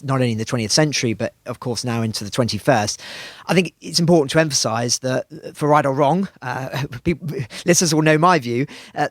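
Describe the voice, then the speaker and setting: A man giving analytical commentary on a podcast, speaking in a measured way and stressing key words as he builds an argument. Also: medium pitch, fairly bright tone, dry recording.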